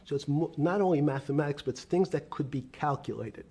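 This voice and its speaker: Brief: older man with a husky, dark voice telling slow business anecdotes. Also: a little high. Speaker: interviewee in a played clip. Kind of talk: reminiscing storytelling.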